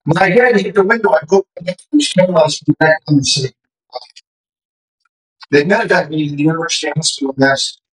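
A man's voice: fairly high pitch, fast talker, fairly bright tone, rough recording. A man preaching a testimony, telling his story emphatically and with fervor. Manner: emphatic, fervent retelling with quoted dialogue.

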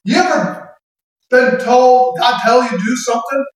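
A woman preaching a sermon with passion, often shouting and lilting into song. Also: on the high side, normal speed. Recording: very echoey hall, voice from far off.

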